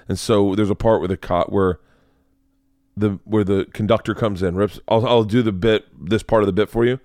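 A man's voice: lowish voice, a little mellow, clean tone, no room sound, clean studio sound. Laughing, profane storytelling man. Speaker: podcast host and comedian. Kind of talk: casual storytelling chat.

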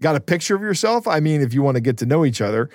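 A man playing a wry man who toys with a scammer, in a deadpan, teasing manner. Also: a little high, racing, no room sound, studio quality.

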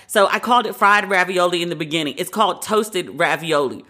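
A woman's voice: lowish voice, a little fast, sharp tone. A woman hosting a podcast, giving candid, opinionated commentary in a casual, conversational way. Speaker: podcast host.

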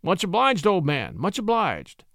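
Gallant young attorney, storybook, narrator plays him. Courteous, animated pitch, dry close mic. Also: male voice, measured pace, creaky, no echo, heavily acted. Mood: affable.

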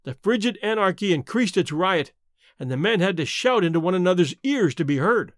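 A man's voice: sits high, expressive, brisk, no room sound, studio quality. A man narrating a classic adventure story in a dramatic, storytelling manner. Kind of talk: scripted audiobook narration.

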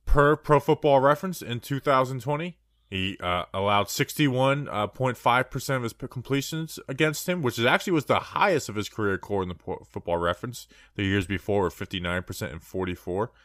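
A man's voice: medium pitch, fairly quick, fairly bright tone, dry recording, clean studio sound. A man co-hosting a sports podcast, chatting casually and rambling through stats with plenty of restarts.

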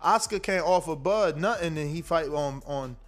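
A man's voice: on the high side, moderate pace. A man hosting a boxing talk show, chatting casually and reading out rankings with stumbles and restarts. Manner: rambling, reads rankings aloud with stumbles. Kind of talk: casual chat.

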